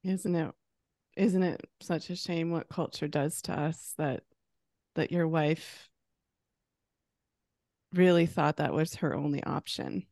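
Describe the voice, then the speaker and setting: Slow-spoken reflective woman host. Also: low voice, steady tone, darkish tone, no room sound, studio quality. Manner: reflective and empathetic, thinking aloud. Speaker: podcast host. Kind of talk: conversational interview.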